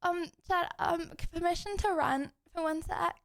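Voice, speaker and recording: A young woman with a southern English accent chats to her stream in a high, bouncy voice. She rambles, giggles and fills her talk with "like" and "um". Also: measured pace, creaky. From England. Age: young adult. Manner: animated, giggly, rambling with many fillers. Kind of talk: casual live-stream chat.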